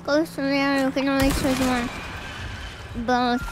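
A woman's voice: high-pitched, flat delivery, normal speed, over music. A woman streaming a video game, chatting casually in a playful, self-mocking way.

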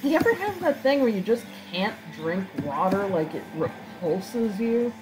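A woman's voice: medium pitch, big pitch swings, unhurried, music in the background, poor audio. A woman chatting casually and making joking asides while she plays a video game. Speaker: let's-play gamer. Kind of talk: casual gameplay commentary.

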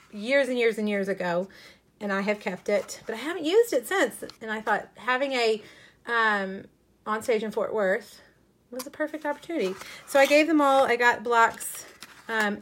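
A middle-aged woman with a slightly higher voice talks her viewers through a live show-and-tell. She is chatty and enthusiastic, full of ums and little asides, relaxed and unscripted. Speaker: craft demonstrator hosting a live stream.

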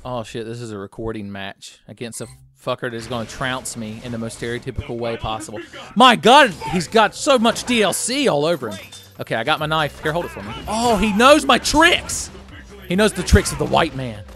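A young man giving casual, profane commentary while playing a fighting game, often shouting his special moves. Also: medium pitch, quick pace, faint music behind. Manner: excitable, profane, yelling move names. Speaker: let's-play commentator.

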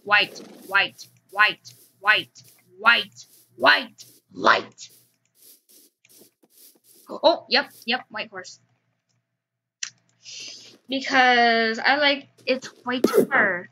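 A woman's voice: fairly high pitch, takes it slowly, long pauses, pushed and bright. A woman giving casual, playful gameplay commentary, chatting and humming little tunes as she plays. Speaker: gamer.

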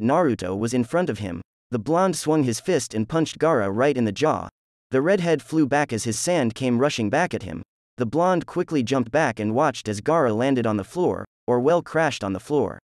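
A man narrating a fan fiction story in a plain, even reading voice. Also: mid-range voice, moderate pace, dry recording, clean studio sound.

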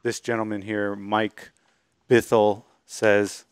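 A man hosting a casual gaming chat, giving his opinions in a relaxed, frank way. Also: on the low side, slow pace, clear, resonant tone, no echo, clean studio sound. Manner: opinionated, laid-back. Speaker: podcast host.

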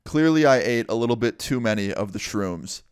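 Smooth-voiced guy telling a story. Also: medium pitch, animated, normal speed, no echo, clean studio sound. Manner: casual, swears a lot, acts out every voice. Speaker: vlogger. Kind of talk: story time vlog.

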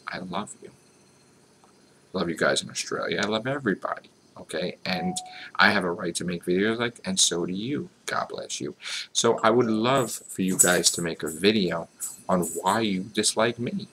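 A deep, bright-toned American man rambles to his viewers in a casual vlog, earnest and self-mocking by turns. His voice is low but forceful, with a faint hiss of background noise. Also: normal speed. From United States. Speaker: vlogger.

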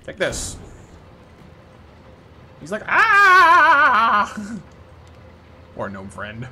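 A man's voice: medium pitch, sing-song, extremely slow, a bit bright, breathy edge. A man streaming live gameplay, chatting playfully with viewers and reacting to the game.

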